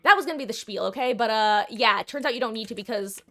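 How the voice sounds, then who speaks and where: A woman's voice: a little high, fast talker, pushed and bright, soft background music. A woman streaming a video game, chatting casually with her viewers in a dramatic, talkative way as she plays. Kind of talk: casual gameplay commentary.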